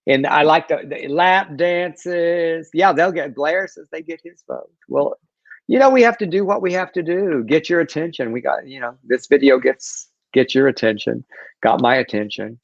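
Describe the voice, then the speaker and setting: A man's voice: a little high, normal speed, vocal fry, no echo. Chatty male co-host, casual news banter, dry dull stream audio. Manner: chatty, laughing, trips over names.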